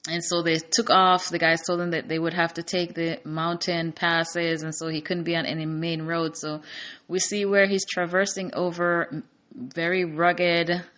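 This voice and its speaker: A woman's voice: fairly low pitch, level tone, a little slow, fairly bright tone. A woman casually recapping a war movie's plot, chatty, with many fillers, restarts and emotional asides. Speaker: movie reviewer.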